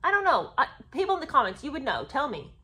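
A woman's voice: high voice, sing-song, fast talker, sharp tone. A woman giving casual, sarcastic, exasperated commentary on a book.

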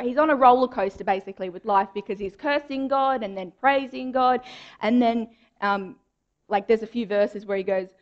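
A woman's voice: fairly high pitch, lo-fi sound. A young woman giving a chatty, informal sermon in a church. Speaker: preacher.

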